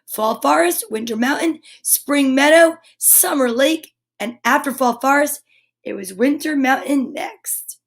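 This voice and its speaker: A woman reading a children's picture book aloud, animated and chatty, breaking off for little asides to her listeners. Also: sits high, a little slow, vocal fry.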